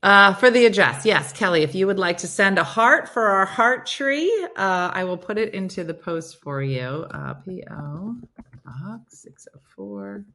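A woman in her fifties hosting a live phone stream, telling family stories in a chatty, animated way and reading out viewer comments. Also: mid-range voice, measured pace. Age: 50s. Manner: chatty, animated, rises sharply when excited. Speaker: livestream host. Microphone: phone camera.

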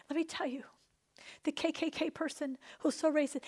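A woman preaching a charismatic sermon, testifying with passion and swinging between hushed and loud delivery. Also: high-pitched, fairly even intonation, normal speed.

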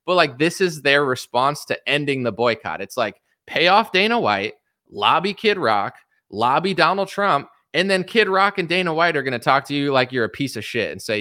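A man's voice: mid-range voice, lively intonation, normal speed, pushed and bright, no echo, studio quality. A man giving a sarcastic, mocking, profane rant as an online commentator. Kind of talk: ranting commentary.

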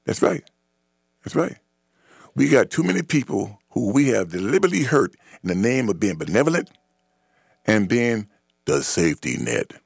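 A man's voice: lowish voice, sing-song, normal speed, creaky, slightly rough, no room sound, clean studio sound. A man hosting a radio talk show, delivering an emphatic, repetitive opinion monologue.

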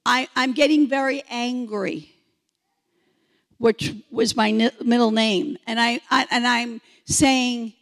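Woman, high voice, slow-paced testimony storytelling, hall reverb. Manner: animated, acts out quoted voices. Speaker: testimony speaker.

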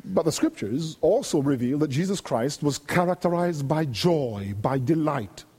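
A man with a high voice preaches a sermon, measured and emphatic, stacking repeated phrases as he builds each point. His voice rings out with a long reverb, as if in a church hall. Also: expressive, darkish tone, breathy edge.

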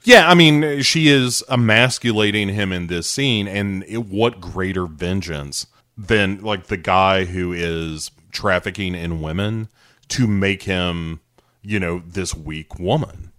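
Casting: low-voiced man, podcast co-host, playful banter, dry close mic. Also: slow, a bit bright, no echo. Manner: laughing, playful recap with quoted lines. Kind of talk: casual podcast chat recapping a show.

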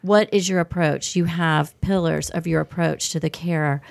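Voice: medium pitch, fairly even intonation, moderate pace, gravelly, dry recording. A host asking a guest about his approach, with short supportive replies. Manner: supportive, brief affirmations. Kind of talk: interview.

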